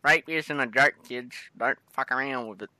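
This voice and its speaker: A man's voice: medium pitch, moderate pace, pushed and bright, no room sound. A young Australian man hosting a joking mock interview over game voice chat, swearing constantly and rambling between questions. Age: young adult. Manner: crude, swearing, rambling and teasing. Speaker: gaming video host.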